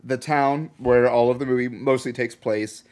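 This man is co-hosting a relaxed movie-review chat with friends. He retells scenes with animated delivery, and his voice sits at an average pitch. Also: normal speed. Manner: animated storyteller, acts out scenes. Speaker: podcast co-host.

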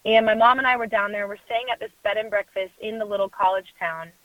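A young adult woman, a guest in an interview, telling a personal story in a lively way, acting out other voices and laughing often. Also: mid-range voice, quick pace, no echo. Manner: animated storyteller who acts out quoted voices and laughs often. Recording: phone-like dry sound.

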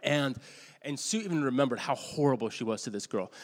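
A man's voice: mid-range voice, expressive. Man preaching in a reverberant hall. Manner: conversational storytelling, halting restarts, self-deprecating. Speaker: pastor. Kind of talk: sermon.

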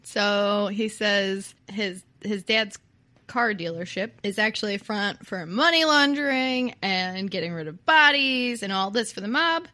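A woman's voice: mid-range voice, animated, a little slow, bright, forceful tone. A woman co-hosting a podcast, telling a true-crime story in casual chat and laughing often. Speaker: podcast co-host.

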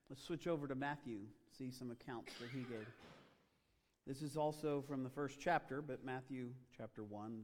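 In a large, echoing church auditorium, a medium-pitched pastor delivers a dramatic sermon that builds to loud, emphatic passages, all wrapped in long reverb.

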